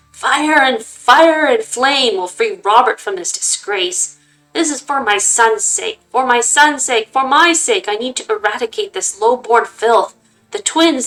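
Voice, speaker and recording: A woman voicing a guilt-maddened old grandfather who rants and shouts at his family. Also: on the high side, pitched above the performer's own voice, lightly acted, rough recording. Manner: shouting, ranting. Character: raving old male grandfather, guilt-mad, zealous.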